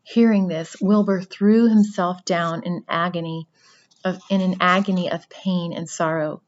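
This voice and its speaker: A woman reading a children's novel aloud with steady storytelling narration. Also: lowish voice, measured pace, lo-fi sound. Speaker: reader.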